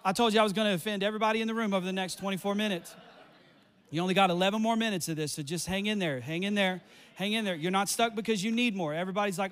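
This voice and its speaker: A man preaching a fiery sermon, repeating lines and building up to shouts. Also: sits high, fast.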